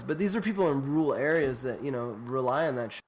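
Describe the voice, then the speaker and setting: A man's voice: mid-range voice, fast talker. A man from New Mexico co-hosting a podcast in casual, profane chat, laughing often. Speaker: podcast co-host.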